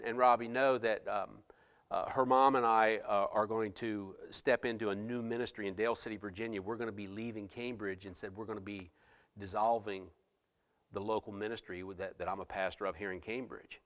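A man's voice: lowish voice, steady tone, fairly quick, a bit bright, clear, resonant tone, long reverb tail. A middle-aged man, a pastor, telling a personal story to his congregation in a sermon, with frequent restarts and quoted dialogue. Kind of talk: sermon testimony. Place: church.

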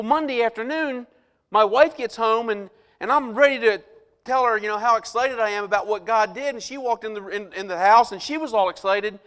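A middle-aged man preaching a sermon, telling a personal story with animated, rising emphasis. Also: sits high. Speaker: pastor.

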